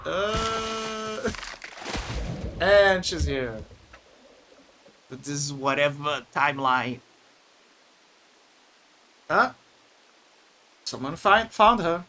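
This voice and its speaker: Lively, bright-voiced game streamer. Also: mid-range voice, extremely slow, pauses often. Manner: animated, reacts aloud while playing. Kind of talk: casual game commentary. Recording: faint game music behind.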